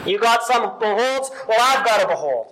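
A male pastor preaching a sermon with emphatic, animated delivery and big swings in loudness. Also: high-pitched, moderate pace, a crowd in the background, rough recording.

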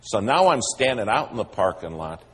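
A man's voice: fairly low pitch, sing-song, normal speed, fairly bright tone, a little hiss or hum. A male preacher, telling a humorous story in a sermon.

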